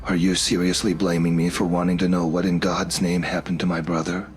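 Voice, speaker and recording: A man's voice: deep voice, flat delivery, a little fast, a little hiss or hum, lightly acted. Man voicing an anxious, stammering young man. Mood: distressed. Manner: stammering, incredulous.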